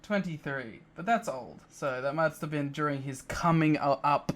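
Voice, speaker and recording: A man's voice: a little high, moderate pace, fairly bright tone. A young adult man co-hosting a podcast, chatting casually with dry jokes and hesitant fillers. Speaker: podcast co-host. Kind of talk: casual chat.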